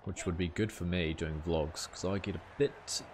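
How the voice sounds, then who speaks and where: A man's voice: low voice, moderate pace, noisy background. A young man chatting casually to viewers on a live game stream, easygoing and full of questions. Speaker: gaming streamer.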